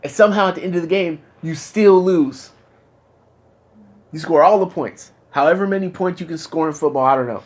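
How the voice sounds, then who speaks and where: A young man with a slightly high voice, talking openly in a therapy session. He is frustrated and swears freely, and he keeps pushing back against the advice he has been given. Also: a little fast. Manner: frustrated, profane, rising to anger. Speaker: patient in therapy. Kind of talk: candid therapy conversation.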